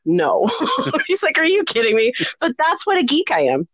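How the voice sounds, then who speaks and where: A woman's voice: sits high, wildly swooping pitch, normal speed, a bit bright, no room sound. A woman co-hosting a podcast, telling a rambling story in casual chat, laughing often and poking fun at herself. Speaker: podcast co-host.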